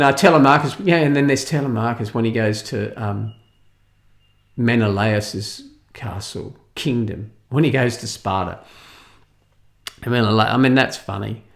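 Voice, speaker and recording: An Australian man delivers a movie review as a rant. His tone is incredulous and exasperated, and he keeps breaking into scoffing laughs. His voice sits at an ordinary middle pitch. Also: fairly bright tone. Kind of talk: opinionated film review monologue.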